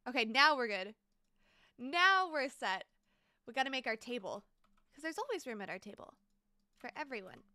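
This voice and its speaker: Young female streamer, bubbly and chatty, high-pitched, dry close mic. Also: moderate pace, pauses often, dry recording. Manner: bubbly, repeats exclamations, thanks chat excitedly. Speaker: game streamer. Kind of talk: casual live-stream chat while building in a game.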